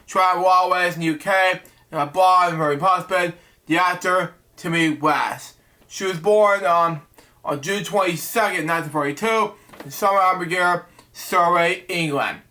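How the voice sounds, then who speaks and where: A man's voice: sits high, bright, forceful tone. Stumbling man reading out show topics. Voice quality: stumbles over names. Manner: halting reading with many restarts and fillers. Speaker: web show host.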